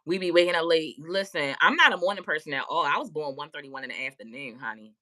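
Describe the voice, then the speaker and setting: Woman streamer, bright forceful voice, kinda low, laughs a lot and curses. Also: fast. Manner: loud, laughing, profane, talks back to chat. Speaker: tarot reader streamer. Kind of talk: casual live-stream chat.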